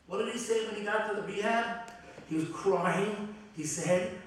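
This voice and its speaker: A middle-aged man, a rabbi, giving a heartfelt, halting eulogy with many restarts. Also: high-pitched. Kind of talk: eulogy at a memorial gathering. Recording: very echoey hall from far off.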